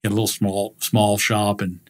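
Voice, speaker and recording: A man talking as a guest in an interview, telling animated anecdotes and laughing often. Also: lowish voice, fairly quick. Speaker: commercial real estate broker guest. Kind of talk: casual interview storytelling.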